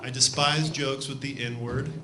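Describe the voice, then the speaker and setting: A man's voice: mid-range voice, fairly even intonation, unhurried, noisy background. A man from Ohio doing a loose, self-deprecating stand-up routine on a comedy club stage. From Cleveland, Ohio.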